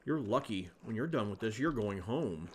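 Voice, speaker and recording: A man reading the lines of a bored, sardonic monk in a flat, plain voice. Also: lowish voice, moderate pace, slight background noise, close to an everyday voice. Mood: weary. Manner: dry, flat, unvoiced read. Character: bored male scribe monk, sardonic and blunt.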